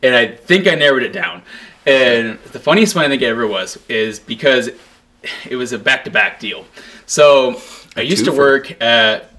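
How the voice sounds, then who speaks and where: A man's voice: mid-range voice, lively intonation, normal speed, pushed and bright. A young man in casual podcast chat, telling a story animatedly, laughing often and swearing freely. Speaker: podcast co-host.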